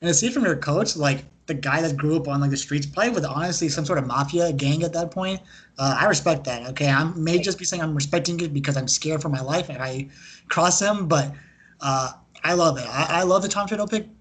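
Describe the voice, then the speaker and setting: Husky, joking young podcast host. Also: male voice, fairly high pitch, brisk. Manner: joking, animated, swears freely. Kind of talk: casual sports chat.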